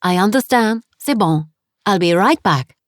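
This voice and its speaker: A woman's voice: mid-range voice, lively intonation, unhurried, dry recording, studio quality, natural voice. A woman voicing a cheerful, motherly French guest house owner who speaks English with a heavy French accent. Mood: kindly. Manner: warm, fussing, heavily accented English.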